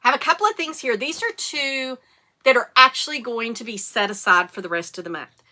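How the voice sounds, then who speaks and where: Bright-voiced chatty woman. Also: on the high side, fairly quick. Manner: chatty, animated storytelling with rising excitement. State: occasional cough and hiccups. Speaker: knitting podcast host. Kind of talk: casual chat.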